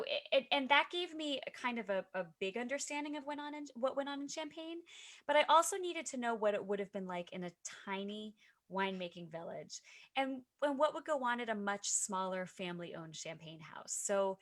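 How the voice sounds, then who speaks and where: A woman's voice: a little high, a bit bright. A woman author talking as a guest on a video call, chatty and self-deprecating, with many fillers and restarts. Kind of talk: casual video chat.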